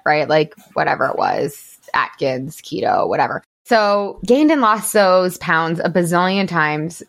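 Woman, low voice, candid storytelling, casual podcast chat, lots of filler words. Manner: candid storytelling, frequent "like" fillers, occasional swearing. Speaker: podcast host and life coach.

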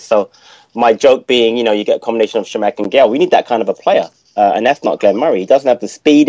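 Brief: male panelist, lowish voice, measured with ums, muffled dry remote audio. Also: mellow, dry recording. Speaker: football podcast panelist. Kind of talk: casual chat. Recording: dull, dry, lo-fi sound.

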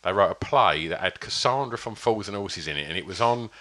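Man, low pitch, bright tone, rambling casual storyteller. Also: expressive, fairly quick. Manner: rambling anecdotal storyteller with many fillers and restarts. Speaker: podcast guest. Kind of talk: casual chat.

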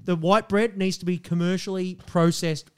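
A man's voice: sits high, steady tone, moderate pace, smooth. A young Australian man co-hosting a casual podcast, ranting heatedly and swearing heavily. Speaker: podcast co-host. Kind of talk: casual chat.

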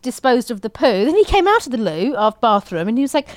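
A pregnant woman co-hosting a casual podcast, telling anecdotes in an animated way. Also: on the high side, fast talker, no echo. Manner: animated storyteller, acts out kids' voices. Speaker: podcast co-host.

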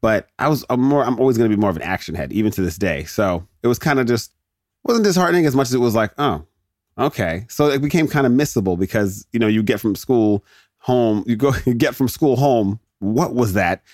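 A man in his thirties hosts a podcast solo, ranting casually and jokily while constantly interrupting himself in a rambling way. His voice is medium-pitched, expressive, fairly quick and darkish, captured in a dry, studio-quality recording.

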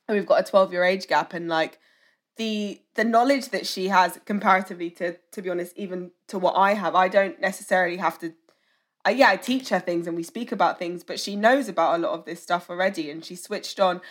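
A woman's voice: on the low side, fairly quick. A young woman in her twenties hosts an interview in a casual, chatty way. She keeps restarting her sentences and fills them with "like.". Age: 20s. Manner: chatty, lots of likes and restarts. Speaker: host.

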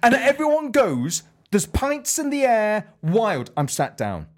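A man's voice: high voice, measured pace. A man co-hosting a podcast, telling an anecdote in casual chat and acting out the voices of the people in it. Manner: animated, acts out the voices in his anecdotes. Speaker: podcast co-host.

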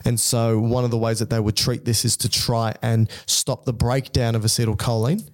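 A man's voice: mid-range voice, level tone, normal speed, no echo. A man co-hosting an educational podcast, explaining physiology casually and teasing his co-host.

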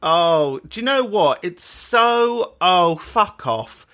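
A woman's voice: on the low side, takes it slowly. A woman hosting a podcast, ranting with outrage and plenty of swearing in a casual chat. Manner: animated, sweary, outraged rant. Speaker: podcast host.

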